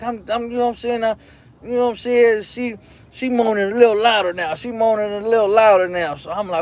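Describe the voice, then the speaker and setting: A male live-show host telling a long, crude anecdote in loose slang, rambling and repeating "you know what I'm saying". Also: very high-pitched. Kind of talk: live-stream storytelling.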